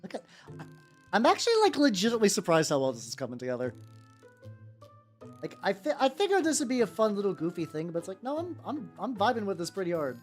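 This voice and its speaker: Streamer, mid-pitched, rambly live-stream chatter over faint background music, loose and unscripted. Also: sing-song, fast. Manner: rambling, many fillers and self-restarts. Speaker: miniature painting streamer. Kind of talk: casual live-stream chat while painting.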